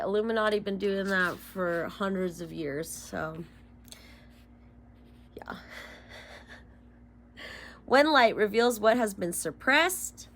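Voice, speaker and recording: A young woman giving a casual tarot reading, chatty and loose, swearing and laughing between solemn card readings. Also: medium pitch. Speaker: tarot reader.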